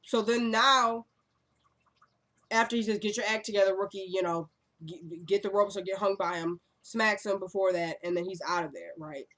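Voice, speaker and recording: A woman's voice: medium pitch, normal speed, a bit bright. A woman recapping a TV episode in a casual, chatty way, sassy and rambling with frequent asides.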